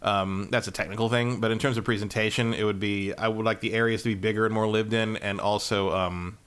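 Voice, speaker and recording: A man's voice: fairly low pitch, fairly even intonation, brisk, a bit bright, clear, resonant tone. A man co-hosting a casual gaming podcast, opinionated and searching for his words. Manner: opinionated, hesitant, many fillers and restarts. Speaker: podcast co-host. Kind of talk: casual chat.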